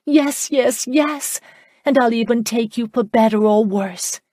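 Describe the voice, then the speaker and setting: A woman's voice: mid-range voice, slow, a little mellow, husky, no echo, studio quality. Woman voicing a young heroine overcome with love. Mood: joyful.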